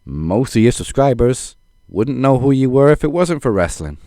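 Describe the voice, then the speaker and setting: In casual podcast chat, this co-host scores wrestlers with dry, sarcastic point awards. He has a mellow, mid-range voice with big pitch swings, speaks at normal speed, and there's no room sound.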